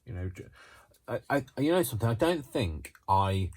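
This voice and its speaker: A craft vlogger with a fairly low, somewhat dark voice talks at a moderate pace but with lots of animation. Working on his craft, he chats loosely to the camera, stumbling through ums and restarted sentences and yawning frequently.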